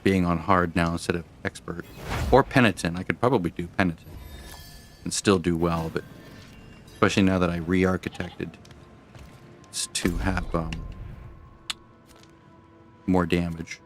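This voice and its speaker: A man's voice: sits low, steady tone, a little slow, pauses often, faint music behind. A man giving casual commentary while he plays a game, muttering to himself and then explaining things to his viewers. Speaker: gamer streamer.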